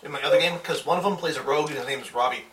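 Player, male, rapid and self-deprecating; roomy, far-off, noisy call audio. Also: a little high, a crowd in the background. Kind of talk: casual chat at the game table.

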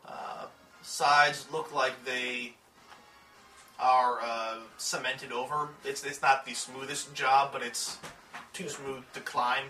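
A man narrating as game master at a tabletop game, describing scenes haltingly, with many restarts. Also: mid-range voice, flat delivery, sharp tone, faint music behind. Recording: roomy, distant mic, background hum.

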